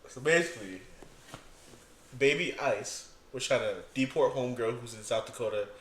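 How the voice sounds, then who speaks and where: A man's voice: mid-range voice, normal speed. A young man hosting a casual podcast chat, loose and joking with plenty of swearing. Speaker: podcast host. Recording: roomy echo with faint noise.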